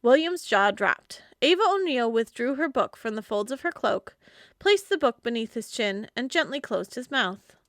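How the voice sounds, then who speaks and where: A woman reading a novel aloud as a library storyteller, expressive and animated. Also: fairly high pitch, moderate pace, dry recording, studio quality.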